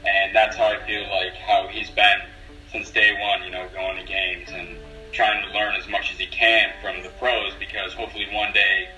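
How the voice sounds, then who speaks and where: A man's voice: lowish voice, level tone, normal speed, sharp tone, recorded from a distance, soft background music. A man, the player's brother, talking enthusiastically in a casual interview with many likes. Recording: roomy, off-mic sound.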